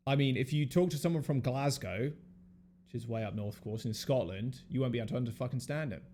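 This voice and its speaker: A man with a Southern English accent, talking at a middling pitch in a loose, joking podcast chat. He swears freely and keeps things laid-back. A faint hiss of noise sits under his voice. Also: quick pace, dark tone. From England. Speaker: podcast host. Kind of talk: casual chat.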